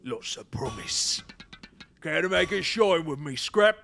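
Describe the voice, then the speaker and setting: Game NPC: gruff old blacksmith crab, voiced by a man, deep and folksy, music underneath. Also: animated, measured pace, fairly bright tone, heavily acted.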